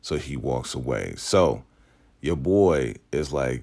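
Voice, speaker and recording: A man's voice: very deep voice, animated, slow, gravelly, a little mellow. A man hosting a casual vlog, recapping a TV episode in a loose, slangy way and saying "like" constantly.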